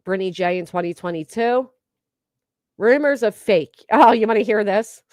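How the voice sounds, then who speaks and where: A woman's voice: mid-range voice, moderate pace, a little mellow, dry recording, clean studio sound. A woman giving casual reaction commentary on a stream, mocking and sarcastic, swearing freely.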